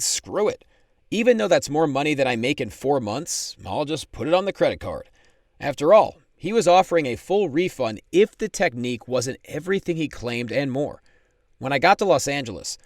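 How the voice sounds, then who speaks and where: Male pitchman, persuasive storytelling, animated pitch swings, dry close sound. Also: no echo. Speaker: sales pitch narrator. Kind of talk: scripted sales narration.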